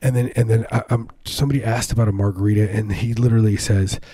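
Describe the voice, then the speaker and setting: A man with a husky, mellow, fairly low voice tells rambling comic stories in casual chat. He restarts his sentences often and acts out the people he quotes. The sound is dry and close. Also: fairly even intonation, fast, no echo. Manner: rambling storyteller with many restarts and acted-out quotes.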